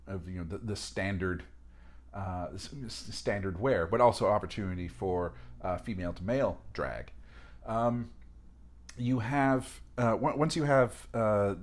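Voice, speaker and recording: Lower-pitched man giving a casual lecture. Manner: discursive, many fillers and restarts, animated asides. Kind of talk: casual spoken lecture on a reading.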